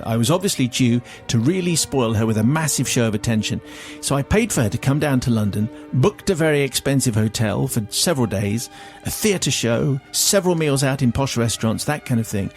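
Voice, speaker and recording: A man's voice: mid-range voice, a little mellow. A male radio host reading out a listener's confession in a dry, theatrical storytelling manner.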